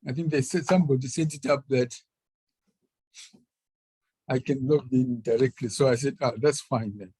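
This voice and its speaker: A relaxed, easygoing man chatting on a video call before an online session. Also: mid-range voice, normal speed, long pauses, breathy edge, no room sound, poor audio. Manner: relaxed, easygoing, chuckles along.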